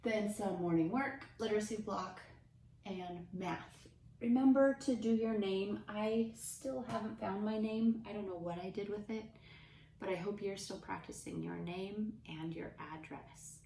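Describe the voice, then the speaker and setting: A young woman teaching kindergarten from home, speaking gently and slowly with soft whispers to encourage the children. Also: medium pitch, steady tone, vocal fry, reverberant, recorded from a distance, slight background noise. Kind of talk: remote class lesson for young children. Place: room at home.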